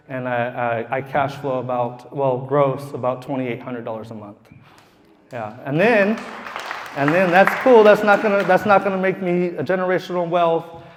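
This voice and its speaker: A man's voice: a little high, moderate pace, a little hiss or hum. A man who is a real estate investor tells a casual, profane story to a live audience in a room, laughing as he goes. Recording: long hall reverb.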